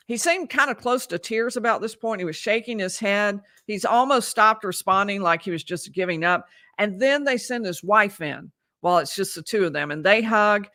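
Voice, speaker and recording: A woman's voice: medium pitch, lively intonation, normal speed, few pauses, bright, forceful tone, no echo, clean studio sound. A woman lawyer giving conversational live commentary on a trial, reading out quotes and often restarting her sentences. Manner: conversational, reads out transcript quotes, frequent restarts. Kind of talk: livestream legal commentary.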